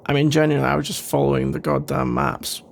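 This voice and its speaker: A man playing a sarcastic young male office rival in an ASMR role-play, speaking in a dry, grumbling way with a gravelly voice. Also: mid-range voice, level tone, quick pace, a little hiss or hum.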